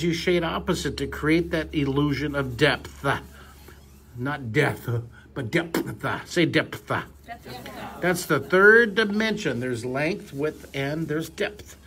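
A middle-aged man leading a live drawing lesson for a class of children, energetic and joking as he cheers them on. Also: fairly high pitch, unhurried. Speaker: drawing teacher.

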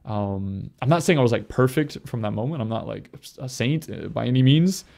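Man, gravelly, dark tone, earnest halting testimony full of fillers. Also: medium pitch, lively intonation. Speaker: priest. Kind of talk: personal testimony.

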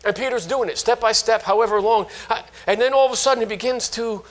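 High-voiced preacher in his fifties. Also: quick pace, hardly any pauses. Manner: animated storytelling with frequent restarts. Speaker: pastor. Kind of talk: sermon.

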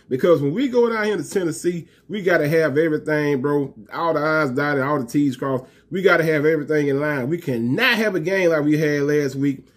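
A man in his thirties rants casually to his viewers about college football, emphatic and repetitive, talking fast and full of slang. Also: fairly high pitch, breathy edge. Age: 30s. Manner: talks fast. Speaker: college football fan vlogger. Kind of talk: casual fan rant to camera.

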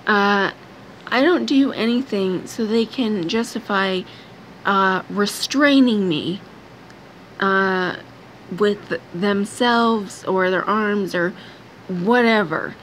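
A woman's voice: medium pitch, slow pace, fairly bright tone, a little hiss or hum. A young woman venting in a blunt, frustrated vlog rant, swearing heavily. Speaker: vlogger. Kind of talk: angry personal vlog rant.

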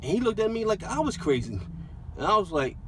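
A man around sixty telling a story from his past in a loose, animated way, acting out shouting drill sergeants. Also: high-pitched, fairly quick, a little hiss or hum, low-quality recording. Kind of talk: storytelling monologue.

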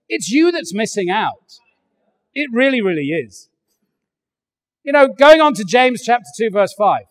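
An older English man preaching a sermon, animated and joking, acting out little voices as he goes. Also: very high voice, big-room sound. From England. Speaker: pastor. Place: large church hall.

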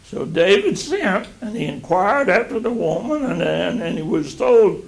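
An older man teaching a Bible lesson, reading scripture aloud and explaining it in a slow, halting way. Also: high voice, big pitch swings, vocal fry.

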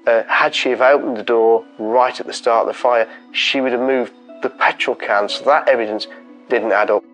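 A man's voice: medium pitch, steady tone, moderate pace, fairly bright tone, soft background music, low-quality recording. Man explaining fire evidence. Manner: explanatory, technical. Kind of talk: documentary interview.

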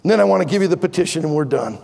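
An older man preaching a sermon as pastor, swinging from loud impassioned pleading to quieter conversational asides. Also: fairly high pitch, expressive, rapid-fire, gravelly, in a large hall. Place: large church sanctuary.

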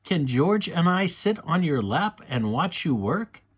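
A man's voice: fairly high pitch, very animated, measured pace, husky, pitched above the performer's own voice, heavily acted. A man voicing an eager, bossy little girl piglet in a read-aloud storybook.

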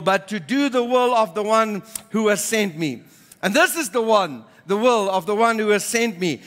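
A man's voice: high-pitched, pushed and bright, in a large hall. A man preaching a sermon, reading scripture aloud and then explaining it with emphatic repetition. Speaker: pastor. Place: church.

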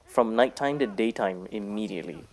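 A man casually commenting while playing a horror game, muttering low to himself, cursing often, and breaking into loud startled shouts. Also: expressive, a little fast, vocal fry, slight background noise. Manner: profane, jokey self-talk to the game. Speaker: gaming YouTuber. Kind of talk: casual let's-play commentary.

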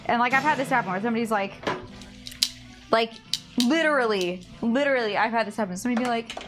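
A woman's voice: fairly high pitch, fast, music in the background. A young woman bartender chatting casually on a cooking stream, telling rambling stories packed with "like". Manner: rambling, filler-heavy storytelling with lots of "like".

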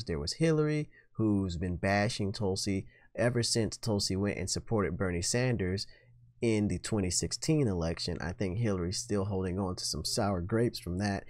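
Sarcastic low-voiced male commentator. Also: darkish tone, no room sound, clean studio sound. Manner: sarcastic, opinionated. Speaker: host. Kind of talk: political commentary vlog.

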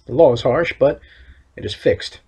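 A man voicing a stern male town overseer in a fantasy game, reading his lines in a formal, measured way. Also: mid-range voice, a little mellow, husky.

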